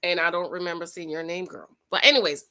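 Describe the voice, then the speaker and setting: A woman's voice: on the low side, fairly even intonation, fast, bright, forceful tone. A woman hosting her own dating-advice show, talking straight to her viewers in a sassy, preachy, casual way. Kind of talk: casual reaction commentary.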